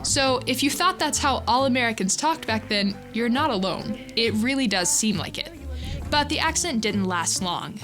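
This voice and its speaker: A woman's voice: on the high side, expressive, moderate pace, over music. Conversational woman news reporter. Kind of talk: scripted news narration.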